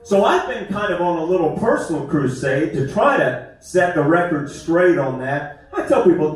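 A man's voice: fairly high pitch, very animated, moderate pace, hardly any pauses. A man, doing a folksy, self-deprecating stand-up comedy set on a small theater stage. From West Virginia. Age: 50s. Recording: echoey theater, mic far off. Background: audience laughter.

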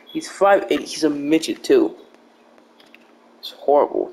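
A man's voice: fairly high pitch, lively intonation, unhurried, darkish tone. A young man giving casual, rambling gameplay commentary with joking, blunt trash talk. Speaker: gaming video creator.

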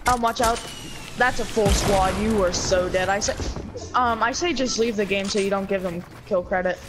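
A woman's voice: medium pitch, moderate pace, background noise. A woman chatting casually while playing a video game, rambling about matches and other players. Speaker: gamer. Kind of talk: casual chat while gaming. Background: game music.

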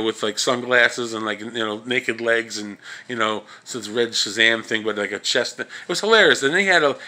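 A man's voice: medium pitch, pushed and bright. A man ranting casually and comically on his vlog, rambling and swearing with lots of restarts and filler words. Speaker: vlog host. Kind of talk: comedic rant.

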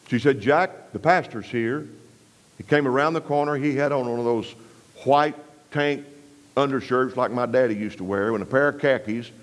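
A man from West Texas, preaching a revival sermon in a folksy storytelling way, dropping low and quiet for emphasis and pressing harder on scripture. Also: low-quality recording.

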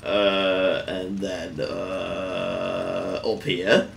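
A man's voice: low voice, level tone, extremely slow, creaky, a little hiss or hum. A man giving casual let's-play commentary, chatty and swearing, with lots of fillers and laughing at his own jokes. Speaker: gamer.

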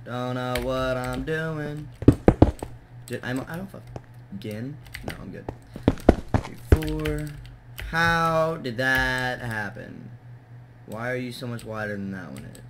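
A young man hosting his own gaming channel chats casually while building, speaking slowly at a medium pitch with long pauses. He gets distracted easily, laughs at his own slip-ups, and counts blocks out loud. Loud background noise and keyboard clicks fill the recording.

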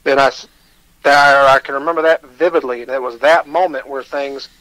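A man's voice: medium pitch, steady tone, brisk, bright, forceful tone, no echo, poor audio. A man with a Michigan accent, telling his personal story as a radio guest, candid and self-deprecating, with hesitant restarts.

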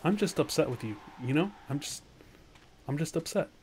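Animated man yelling at a game. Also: fairly high pitch, normal speed, a little hiss or hum. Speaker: gaming channel host. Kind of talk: let's play commentary.

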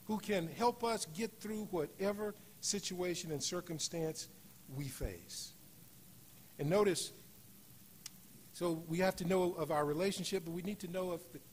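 A man preaching a sermon in a church, slowing on key phrases and rising to loud, emphatic peaks. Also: a little high, slight background noise. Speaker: guest preacher. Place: church sanctuary.

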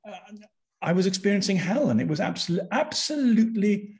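An older man from Britain, a podcast guest, telling a personal story with animated intensity and frequent restarts. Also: high-pitched, fast talker.

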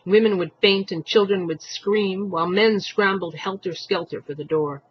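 Husky male storybook reader. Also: high-pitched, normal speed, dull audio. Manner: expressive reading, voicing thoughts and characters. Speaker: audiobook reader. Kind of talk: storybook narration.

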